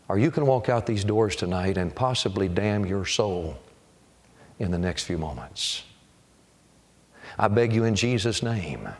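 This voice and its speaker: A man preaching a revival sermon, pleading and repeating his questions, telling stories with dramatic pauses. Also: low voice. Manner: pleading, repetitive, dramatic storytelling. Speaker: evangelist preacher.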